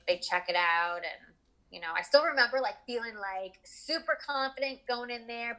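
A woman's voice: mid-range voice, fairly bright tone, rough recording. A woman in her thirties, an interview guest, telling a personal story in a candid, chatty way with lots of fillers.

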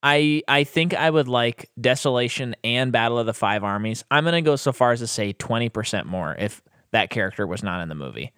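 A man's voice: medium pitch, animated, fairly quick, fairly bright tone, clear, resonant tone, no room sound, clean studio sound. A man co-hosting a podcast, chatting casually about a movie with blunt opinions and frequent laughs. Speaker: podcast co-host. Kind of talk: casual movie review chat.

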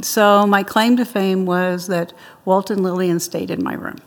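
A woman's voice: medium pitch, steady tone, moderate pace, long reverb tail. An older woman being interviewed, telling childhood stories in a chatty way and laughing often. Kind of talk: interview storytelling.

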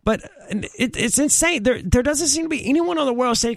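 A man's voice: extremely high pitch, lively intonation, moderate pace, gravelly, hardly any pauses, no echo. A man co-hosting a talk radio show, ranting in an exasperated, emphatic way.

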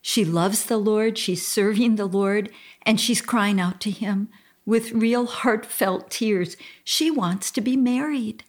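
This is an older woman hosting a Christian talk program. She speaks very slowly and deliberately. Her tone is earnest and heartfelt, and she leans into each phrase as she gives counsel. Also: mid-range voice. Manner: slow-paced. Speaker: radio show host.

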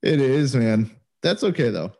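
A man in a casual podcast chat, blunt and profane. He sounds laid-back, and his pitch sits in an ordinary middle range. He cuts in with short, dry reactions. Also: animated, a little slow, gravelly, darkish tone. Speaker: podcast co-host.

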